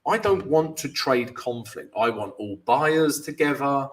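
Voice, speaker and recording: A man with a medium-pitched, lively voice hosts a live trading stream at an unhurried pace. He explains the charts to viewers, reads out their names to greet them, and keeps saying "yeah" and "guys."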